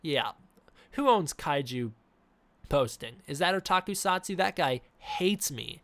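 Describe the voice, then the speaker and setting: This young man's voice runs on the high side, expressive and a little slow, with a slightly bright quality and no echo. He chats casually on a live stream from home, reading viewer questions with frequent fillers into a desk mic with face cam.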